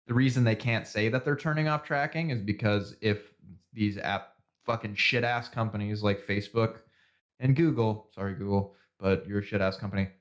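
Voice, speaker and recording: A man co-hosting a casual podcast, ranting and swearing with a laugh in his voice. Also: on the low side. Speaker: podcast co-host. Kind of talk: casual profane podcast banter.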